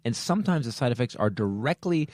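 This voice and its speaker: Animated comedian hosting a podcast. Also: male voice, mid-range voice, fast, no room sound, clean studio sound. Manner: animated, riffing with sudden shouts.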